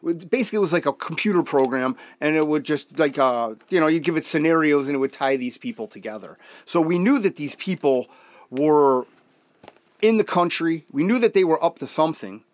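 A man talking with a loose, rambling podcast delivery, full of profanity and animated tangents. His voice sits a little high for a man, and the sound is dry and close. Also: fairly quick, dry recording. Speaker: podcast host. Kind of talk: casual conspiracy chat.

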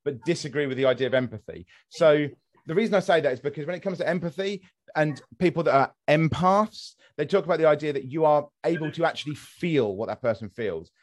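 A man in his thirties hosts a casual podcast, speaking a little higher than most men. He argues his views forcefully, often restarting and repeating words as he works his way through a point. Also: brisk. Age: 30s. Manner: opinionated, argumentative, many restarts and repetitions. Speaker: podcast host.

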